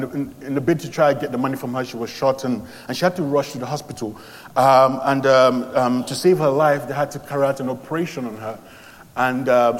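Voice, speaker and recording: A young man preaching a sermon, retelling Bible stories in quoted voices with many ums and restarts. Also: mid-range voice. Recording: long hall reverb.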